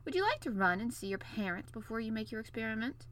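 A woman's voice: fairly high pitch, sing-song, fast talker. A woman voicing a hot-tempered old king who bellows and blusters. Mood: gruff. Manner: blustering, shouting.

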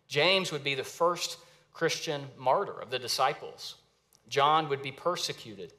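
A young man, a pastor, preaching a sermon with earnest, emphatic rises and pauses. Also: mid-range voice, pushed and bright. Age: young adult.

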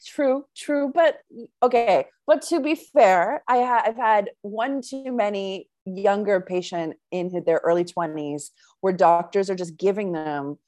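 A woman's voice: medium pitch, a little slow, darkish tone, no room sound. A Canadian woman, a sexologist and psychotherapist, talking frankly and laughing as a podcast guest. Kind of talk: casual interview chat.

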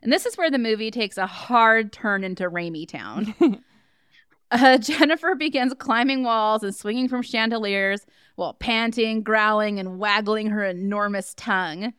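A woman's voice: mid-range voice, normal speed, fairly bright tone, clear, resonant tone, no room sound, clean studio sound. A woman co-hosting a podcast, recapping a movie's plot in a casual chat, with laughing, sarcastic asides. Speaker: podcast co-host.

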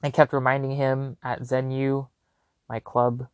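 A young man hosting a podcast, telling a long story in a casual, animated and rambling way with lots of fillers. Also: medium pitch, unhurried, clean tone, no echo. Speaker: podcast host.

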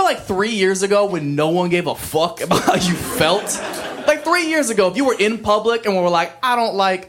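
A man doing a brash, profane stand-up routine, teasing the crowd from a large theater stage. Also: fairly high pitch. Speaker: stand-up comedian. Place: large theater stage before a live audience. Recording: loud crowd laughter and noise.

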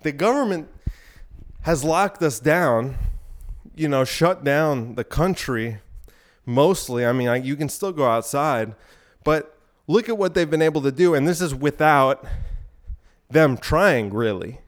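A man's voice: a little high, expressive, unhurried. A young man hosting his podcast, ranting crudely with many asides while exercising on an elliptical. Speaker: podcast host. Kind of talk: rambling solo podcast talk.

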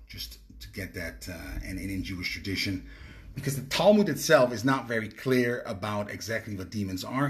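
Guy with a lowish voice chatting on a podcast, lots of uh and restarts, kinda hesitant. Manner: hesitant, many fillers and restarts. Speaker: podcast co-host. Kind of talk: casual explanatory chat.

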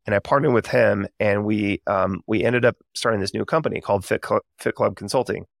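A man's voice: fairly low pitch, fairly quick, vocal fry, no room sound, clean studio sound. A man in his thirties hosting a podcast, telling a candid, reflective story in a casual way with many fillers. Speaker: podcast host.

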